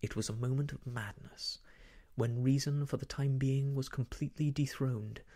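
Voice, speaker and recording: A man reading an old novel aloud as soft ASMR narration, hushed and half-whispered, close to the microphone. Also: mid-range voice, steady tone, moderate pace. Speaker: storyteller.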